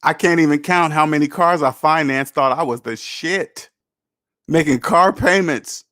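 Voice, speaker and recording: A man's voice: fairly high pitch, measured pace, bright, forceful tone, no echo, clean studio sound. Preachy man lecturing on a livestream. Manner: emphatic and preachy, full of rhetorical questions. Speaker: personal finance show host. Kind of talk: livestream monologue answering chat.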